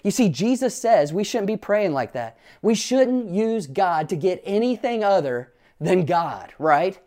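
A man's voice: high-pitched, very animated, unhurried, darkish tone. Earnest man preaching a sermon. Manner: earnest preaching with frequent rhetorical questions; illustrates points with personal family stories. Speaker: pastor.

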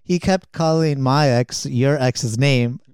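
Brief: laid-back man, mid pitch, smooth clear tone, rambling storyteller, dry sound. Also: slow, a little mellow, no echo. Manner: rambling with many fillers, laughs at his own story. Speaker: friend telling stories. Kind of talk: casual chat.

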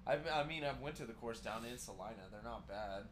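A man's voice: medium pitch, fairly quick, noisy background. A man co-hosting a podcast in a laid-back casual chat, swearing freely and laughing often. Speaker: podcast co-host.

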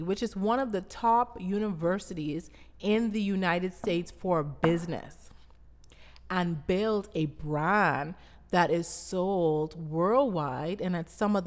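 Bahamian woman, unhurried and emphatic; preacher-like repetition, long hall reverb. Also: mid-range voice. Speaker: brand founder. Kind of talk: motivational talk.

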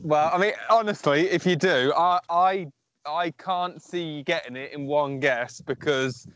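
A man's voice: on the high side, measured pace, a bit bright, no room sound. A man co-hosting a podcast in casual chat, playful and teasing, stammering now and then. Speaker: podcast co-host.

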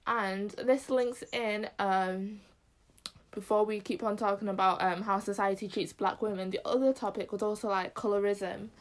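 A woman's voice: medium pitch, fairly even intonation, moderate pace. A young woman from Zimbabwe in casual chat as a podcast co-host, talking loosely with many fillers.

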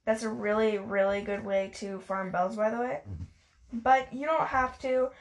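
A woman's voice: mid-range voice, fairly even intonation, unhurried. A woman chatting through a life-sim game, tired, chatty and easily sidetracked, mocking herself as she plays. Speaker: gaming video creator. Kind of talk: casual gameplay commentary.

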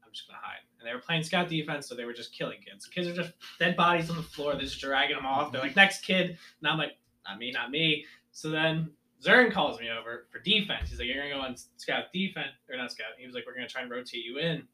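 A man's voice: medium pitch, quick pace. A young man casually telling a story from his school sports days and acting out his coaches' lines. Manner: animated storyteller, acts out coaches yelling.

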